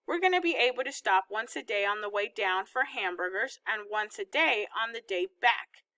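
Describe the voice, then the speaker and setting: A woman reading as an organized, patient mother who calmly explains a trip plan step by step. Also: medium pitch, moderate pace, dry recording. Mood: explaining plans.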